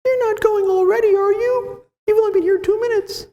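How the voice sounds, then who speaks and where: A man putting on a tiny, whiny male Jesus voice that sounds like a puppet show, slow and pleading. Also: fairly even intonation, dark tone. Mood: whining. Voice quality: squeaky, puppet-like. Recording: long reverb in a large room.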